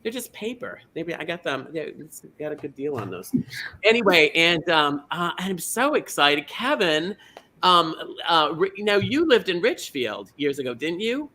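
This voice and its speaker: Man playing a rambling small-town pageant lady hosting, bright forceful voice, a touch high, gushes and trips over names. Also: sing-song, unhurried, full character voice. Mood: chatty. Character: chatty middle-aged small-town lady pageant host. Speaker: host. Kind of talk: comedic drag character hosting.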